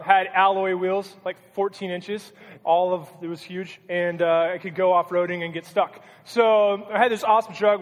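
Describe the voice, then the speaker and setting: A young man giving a youth sermon in a loose, joking, rambling way. His voice sits high for a man. The hall adds a long reverb. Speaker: youth pastor.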